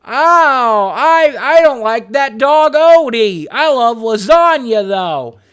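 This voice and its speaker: A man voicing a lazy, grumpy male cartoon cat who drawls slowly and demands food. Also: extremely high pitch, expressive, fairly bright tone, clean tone, full character voice. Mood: demanding.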